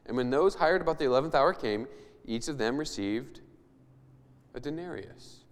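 Reading aloud from scripture, a male pastor then explains it in a conversational style, punctuated by emphatic rising questions. His mid-range voice has lively intonation and a normal pace, captured with long reverb in a church hall.

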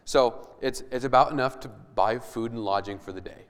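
A man's voice: mid-range voice, normal speed. A male pastor preaching a sermon, reading scripture aloud and then explaining it conversationally with emphatic rising questions. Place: church hall. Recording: long hall reverb.

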